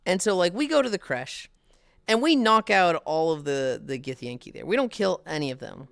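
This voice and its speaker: A woman's voice: on the low side, animated, normal speed, vocal fry, no echo, clean studio sound. A woman streamer chatting casually with viewers, swearing freely and laughing often.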